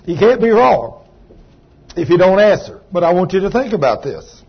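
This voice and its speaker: A man's voice: sits high, big pitch swings, moderate pace, gravelly, breathy edge, dull audio. A man preaching a sermon, folksy and chatty, calling on members of the congregation by name. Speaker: pastor. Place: church.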